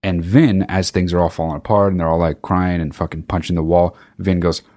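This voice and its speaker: A man's voice: low voice, steady tone, a little fast, a little mellow. A man hosting a podcast, ranting in a profane, sarcastic, rambling comedic way. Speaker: podcast host. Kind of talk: comedic rant.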